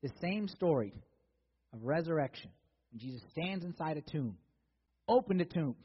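A male preacher with a high, husky voice delivers a sermon in a loose, conversational way, slipping into the voices of the people in the story. The sound is dull and lo-fi, and a long reverb trails behind him as in a large church hall. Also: animated, moderate pace.

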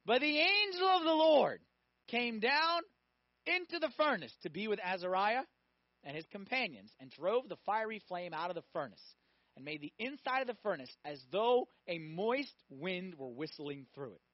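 A man with a very high voice preaches a sermon, telling stories animatedly and firing questions at his listeners. The recording is dry and a little dull. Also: normal speed, no echo. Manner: animated storytelling, acting out voices, asks audience questions.

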